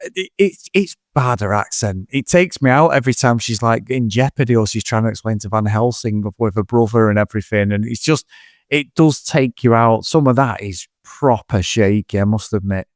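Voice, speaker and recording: A man's voice: on the low side, normal speed, dry recording, clean studio sound. A man, a podcast co-host chatting casually about a film, swearing and acting out scenes. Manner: swearing, animated, acts out scenes in quotes. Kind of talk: casual film review chat.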